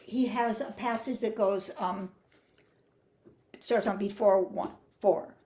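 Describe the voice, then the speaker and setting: A woman's voice: medium pitch, steady tone, takes it slowly, noisy background. An older woman teaching flute phrasing, explaining patiently and singing rhythms and counting beats aloud. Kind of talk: music masterclass.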